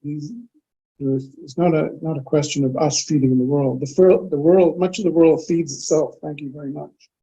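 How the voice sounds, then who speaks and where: A man hosting a webinar, reading out audience questions and asking his own in a halting way. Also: a little high, steady tone, mellow, husky. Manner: halting, with fillers between phrases. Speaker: webinar host. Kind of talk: moderating a webinar. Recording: dull lo-fi line.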